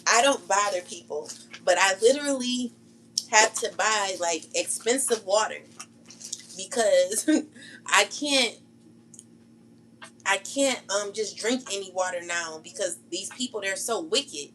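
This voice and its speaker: A woman vents to her online audience in a heated, accusing monologue, circling back to the same words and cursing without restraint. Her pitch sits at an ordinary middle level. A faint hiss of background noise runs under the recording. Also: slow, long pauses, a bit bright, low-quality recording. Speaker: tarot channel host. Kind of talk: ranting vlog monologue.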